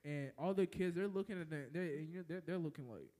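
Laid-back man, slightly high voice. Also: mellow. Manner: laid-back, with many fillers and quick reactions. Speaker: podcast co-host. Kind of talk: casual chat.

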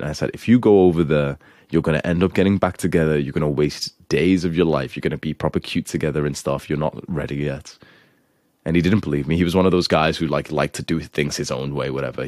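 A man's voice: extremely low pitch, darkish tone, no room sound, studio quality. A young man giving blunt, profane dating advice in a lecturing, scolding manner.

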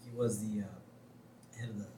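A man's voice: on the low side, unhurried, reverberant, distant mic, slight background noise, poor audio. A man co-hosting a casual podcast, retelling scenes with lots of laughter and quoted lines. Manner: laughs often, animated retelling with put-on quotes. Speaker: podcast co-host. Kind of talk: casual chat recapping a TV episode.

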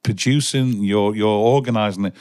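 A man's voice: on the low side, normal speed, darkish tone, dry recording, clean studio sound. A man hosting a podcast, asking long questions with many restarts. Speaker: podcast host. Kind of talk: interview questions.

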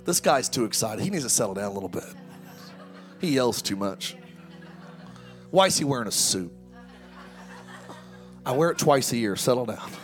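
A man's voice: animated, moderate pace, pauses often, soft background music, lightly acted. A man doing a grumbling, dismissive churchgoer. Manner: low mutter, dismissive. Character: lukewarm grumbling male churchgoer.

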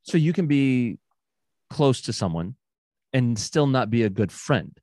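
A man's voice: mid-range voice, expressive, unhurried, warm tone, no echo, clean studio sound. A man hosting a podcast, a pastor who reflects aloud and asks follow-up questions. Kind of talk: podcast conversation.

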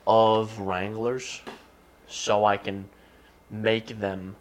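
A man's voice: fairly low pitch, little pitch movement, drawn-out words, slight background noise. Drunk man rambling on a podcast. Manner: rambling and profane. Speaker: podcast co-host. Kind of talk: casual chat.

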